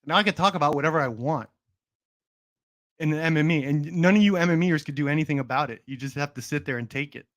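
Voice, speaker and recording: A young man chatting on a home livestream in a playful, mock-boastful, teasing way. His voice sits a touch higher than most men's, and he talks straight into his desk mic. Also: fast, a bit bright. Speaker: livestream host. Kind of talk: casual livestream chat.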